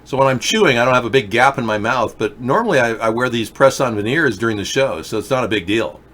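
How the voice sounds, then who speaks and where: A man's voice: mid-range voice, expressive, fast talker, a bit bright. A man hosting a live political video chat show, talking emphatically and directly to viewers while wearing a mouth guard. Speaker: political talk show host.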